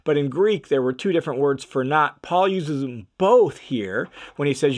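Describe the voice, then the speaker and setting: A man's voice: fairly high pitch, very animated, moderate pace, few pauses. A man teaching scripture on a podcast, emphatic and repeating key phrases for stress.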